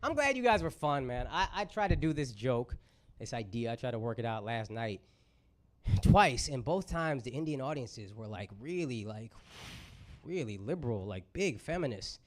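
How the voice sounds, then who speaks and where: A man doing stand-up comedy in a brash, profane, animated way before a live crowd. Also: mid-range voice, moderate pace, slight background noise. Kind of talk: stand-up set. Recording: echoey club with loud crowd.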